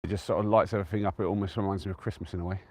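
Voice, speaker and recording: This Englishman has a low, steady voice and talks very fast while chatting casually on a live stream. Standing at a trig point on an open, wind-free hilltop, he answers viewer comments in an easygoing way, and there's a slight hiss or hum.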